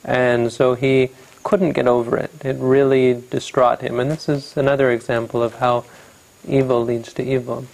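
A man telling a Buddhist story as a teacher, halting and often correcting himself as he reflects aloud. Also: mid-range voice, level tone, gravelly, darkish tone, low-quality recording. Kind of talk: storytelling dharma talk.

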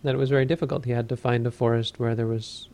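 A man who teaches Buddhism tells a story as part of a dharma talk, speaking calmly and in a measured way. His voice is medium-pitched.

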